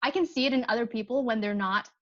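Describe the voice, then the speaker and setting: A woman's voice: fairly high pitch, quick pace, a bit bright, highs cut off. A woman guest on a podcast in casual chat, talking in a reflective, earnest and frank way. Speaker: podcast guest, actor and improviser.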